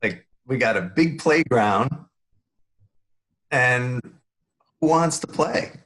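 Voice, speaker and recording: An older man from the Bronx speaks with a New York accent. His talk is playful, full of jokes and easy laughter, as a guest in a relaxed interview. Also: mid-range voice, takes it slowly. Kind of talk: casual interview chat.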